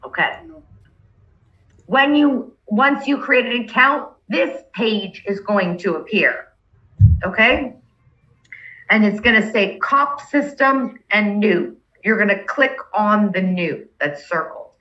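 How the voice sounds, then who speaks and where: Woman instructor, bright and forceful voice, patient step-by-step explaining, dull lo-fi video call audio. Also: mid-range voice, a little slow. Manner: patient step-by-step, checks in with "okay?". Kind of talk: online class walkthrough.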